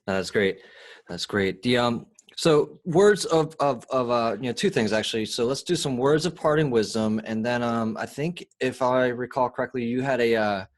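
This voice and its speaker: A man's voice: mid-range voice, moderate pace. A man hosting a podcast interview, asking questions with lots of fillers and hesitations. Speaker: podcast host. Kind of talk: casual interview chat.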